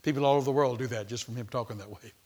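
A man's voice: mid-range voice, rapid-fire, darkish tone. A man preaching a sermon, emphatic and repetitive, calling out to the congregation.

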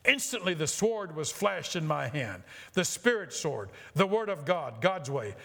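A man preaching a sermon, reading a story aloud with passion and slowing for emphasis. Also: a little high, big pitch swings, vocal fry, a bit bright. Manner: impassioned reading that slows for emphasis.

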